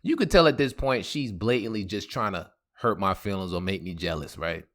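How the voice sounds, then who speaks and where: A man hosting a podcast, telling a comic personal story in slangy, animated talk. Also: low voice, a little fast. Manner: animated, slangy, laughing asides. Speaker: podcast host. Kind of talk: comedic storytelling.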